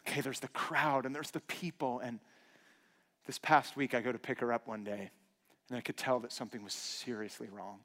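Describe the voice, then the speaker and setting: A man in his thirties preaches in a voice of middle pitch, with a long hall reverb around it. He tells personal stories earnestly and drops to a hushed, quiet tone when he makes a point. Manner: earnest storytelling, dropping to a hushed low voice for emphasis. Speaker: pastor. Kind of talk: sermon.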